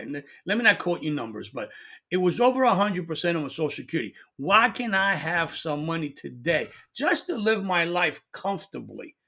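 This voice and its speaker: A middle-aged man talks straight to his viewers in a casual opinion monologue, getting worked up and stumbling over his own restarts. His voice sits high for a man and has a bright, forceful edge. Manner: excitable, talks in restarts and asides. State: coughing at times. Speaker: channel host.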